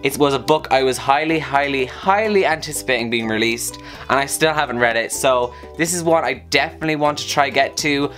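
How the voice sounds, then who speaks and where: A young man with a sore throat chatting to camera as a book vlogger, upbeat and excitable. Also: mid-range voice, brisk, hardly any pauses, faint music behind. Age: young adult. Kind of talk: casual chat to camera.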